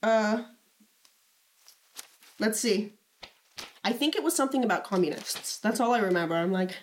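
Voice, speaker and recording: A woman's voice: mid-range voice, animated, normal speed, long pauses, a little hiss or hum. A young woman co-hosting a casual chat, reading old diary entries aloud in a playful, teasing way.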